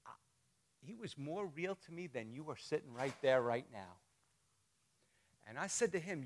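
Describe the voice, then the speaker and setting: A man's voice: a little high, animated, normal speed, pauses often. A middle-aged man, a pastor preaching a sermon in a church, telling stories in a conversational way and joking with the congregation. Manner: storytelling, conversational, jokes with the congregation. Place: church sanctuary.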